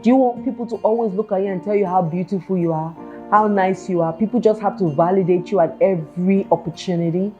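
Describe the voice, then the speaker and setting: Mellow-voiced woman asking rhetorical questions. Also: mid-range voice, quick pace, muffled recording, soft background music. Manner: earnest, asks listeners rhetorical questions. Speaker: podcast host. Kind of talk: self-help talk monologue.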